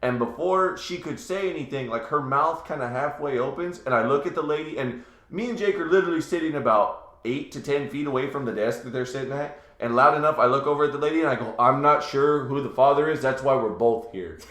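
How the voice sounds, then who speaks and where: A man's voice: fairly high pitch, fast talker, reverberant. A man chatting on a podcast, telling funny stories and acting out other people's voices. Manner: animated, acts out quoted voices. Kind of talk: casual storytelling chat.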